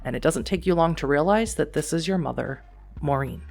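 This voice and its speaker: A man runs a tabletop game, setting scenes in steady, descriptive narration. His pitch is middling, and faint music plays under his voice. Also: a little fast, gravelly. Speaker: game master.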